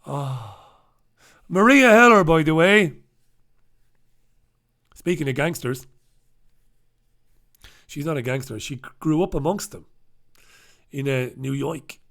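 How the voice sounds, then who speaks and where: A man's voice: on the high side, fairly bright tone. A man hosting a solo comic newspaper review, rambling and swearing, breaking into snatches of song. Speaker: host.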